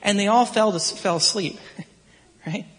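A man in his thirties preaches in an easy, earnest, anecdotal way, his voice sitting slightly higher than typical for a man. He talks like a pastor chatting with his congregation. The sound rings out with a long reverb, as in a large church hall. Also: a little slow, a bit bright. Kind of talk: conversational sermon.

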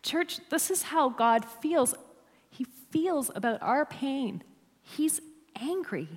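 Lady preaching in church, leans hard on words then goes quiet, big reverby hall. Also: high-pitched, lively intonation, slow. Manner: emphatic, dropping to near-whispers on key words. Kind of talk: sermon.

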